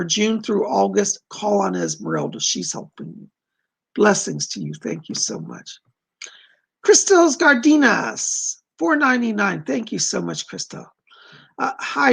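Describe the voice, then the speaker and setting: Guy doing psychic readings on a live stream, super gravelly husky voice, pitch swings around a lot, soft reassuring vibe. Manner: reads viewer questions aloud then relays spirit messages; gentle, reassuring, calls people darling.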